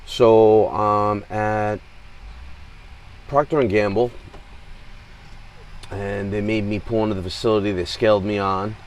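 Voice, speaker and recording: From inside his truck cab, a truck driver vlogger vents in a casual, rambling monologue, frustrated and full of fillers as he tells road stories. His voice is fairly low and steady, a little slow with long pauses, and the mic sounds distant.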